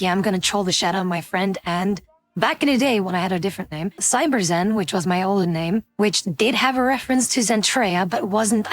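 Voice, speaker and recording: A woman's voice: medium pitch, dry recording. A young woman streamer chatting casually and telling stories about strange messages she gets, swearing freely and laughing often. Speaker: VTuber streamer. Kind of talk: casual stream chat, storytelling.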